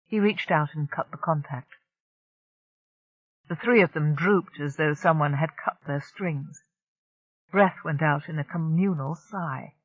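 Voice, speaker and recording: An audiobook narrator reading a science-fiction novel in a steady, even storytelling voice. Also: medium pitch, unhurried, long pauses, no room sound, phone-quality sound.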